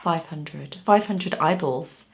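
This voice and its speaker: A woman, an artist hosting her own channel, chatting casually to subscribers in her home studio, expressive and quick to laugh, with frequent murmured asides. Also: low-pitched, vocal fry, heavy background noise. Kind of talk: casual vlog chat to subscribers.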